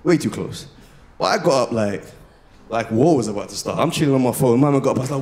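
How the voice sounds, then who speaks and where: A young man performs stand-up, his voice leaping up and down in pitch. He talks in slang and breaks into loud shouted bits. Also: expressive, quick pace. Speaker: stand-up comedian. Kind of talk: stand-up comedy set. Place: live comedy venue with audience.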